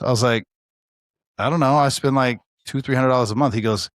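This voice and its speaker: A man's voice: medium pitch, a little fast, dry recording, clean studio sound. A man in his forties chatting casually on a podcast, telling stories with lots of swearing and acting out what other people said. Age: 40s. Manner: animated storyteller, acts out quoted dialogue, swears freely. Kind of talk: casual chat.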